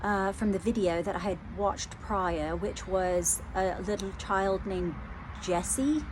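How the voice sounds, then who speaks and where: A woman psychic medium doing a channelling reading, talking hesitantly, repeating phrases, softly moved. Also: medium pitch, slow pace, noisy background.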